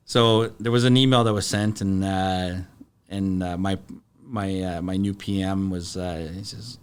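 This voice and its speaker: A middle-aged man, a podcast guest, telling stories in a halting, plain-spoken way full of fillers and restarts. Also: low-pitched, fairly even intonation, clean tone. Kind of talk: casual storytelling.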